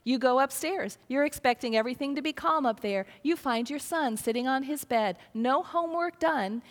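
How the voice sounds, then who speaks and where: Her voice is high-pitched and her speed normal as this middle-aged pastor preaches earnestly, recounting stories and performing the quoted voices. Everything echoes with a large hall's long reverb.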